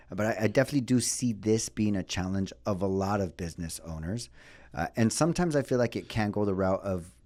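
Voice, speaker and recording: Low-voiced man, dry close sound. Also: a little mellow, no room sound. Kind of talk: interview questions.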